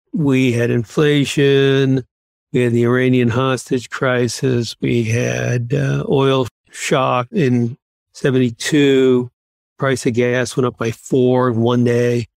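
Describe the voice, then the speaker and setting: A man in his sixties from Massachusetts, a guest on an interview podcast, telling lively self-deprecating anecdotes. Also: mid-range voice, creaky, no room sound, studio quality. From Massachusetts, USA. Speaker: podcast guest, former submarine commander. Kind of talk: conversational interview storytelling.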